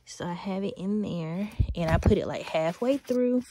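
A young woman chats and rambles straight to camera for her casual vlog, at a moderate pace and medium pitch, while loud car noise sounds behind her.

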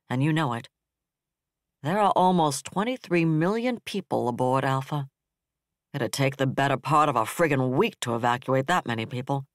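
A man voicing a bitter, level-headed male defense director who speaks flatly and harshly. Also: medium pitch, no echo, studio quality, natural voice.

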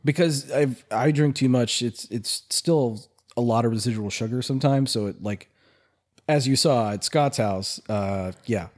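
A man's voice: mid-range voice, measured pace, darkish tone. A man co-hosting a podcast, chatting casually over homebrew and laughing often as he rambles. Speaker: podcast co-host. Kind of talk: casual chat over drinks.

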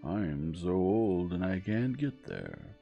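A man voicing an old, white-haired cattle drover who speaks slowly and wistfully in a bedtime story. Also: sits low, very animated, gravelly, highs cut off, soft background music, heavily acted.

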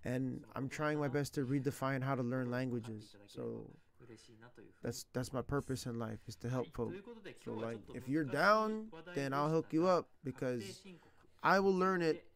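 A man's voice: medium pitch, measured pace, a bit bright. A man in his thirties chatting casually as a language teacher streaming online, slangy, rambling and earnest. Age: 30s. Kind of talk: casual chat.

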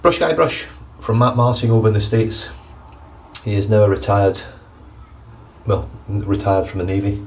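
A man's voice: on the low side, fairly even intonation, normal speed. A man in a bathroom giving a casual, blunt and sweary shave review. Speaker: wet-shaving vlogger. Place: indoor bathroom. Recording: distant mic with faint room noise.

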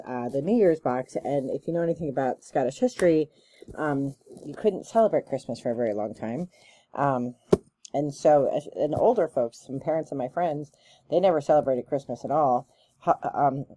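A woman chatting casually through a gift box unboxing, gushing and excitable, with plenty of ums and likes. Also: low-pitched. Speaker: unboxing vlogger.

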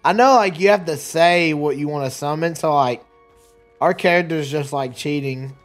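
Casting note: man with a slightly high voice, rambling gameplay chatter, stumbles on words, faint game music behind. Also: normal speed. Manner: rambling, chatty, laughs often, trips over words. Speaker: let's play streamer. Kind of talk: casual gameplay commentary.

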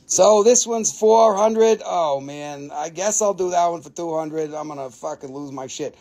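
A man hosts a casual live crystal sale, cracking jokes, swearing freely and haggling over prices. His voice sits high for a man, with a gravelly, creaky edge. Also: measured pace, dark tone. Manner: joking, profane, haggling. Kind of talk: casual live sales stream.

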